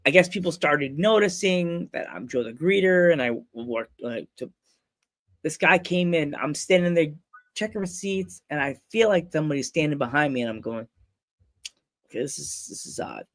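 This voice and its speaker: Chatting casually on his podcast, this man spins a story, mimicking the voices of the people in it and laughing often. His voice is on the high side, and he keeps a moderate pace.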